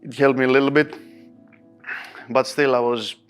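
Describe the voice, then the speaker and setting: A man recounts a match in a casual interview, speaking animated non-native English. His pitch sits mid-range for a man, and he often breaks into laughter. Soft music plays faintly underneath. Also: normal speed, clear, resonant tone. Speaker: pool player interviewee.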